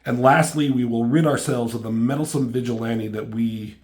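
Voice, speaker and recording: A man's voice: mid-range voice, fairly even intonation, moderate pace, darkish tone, close to an everyday voice. Brief: monologuing masked villain knight, male, grandiose and ranting, read aloud by a man. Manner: reads lines aloud in a monologuing tone.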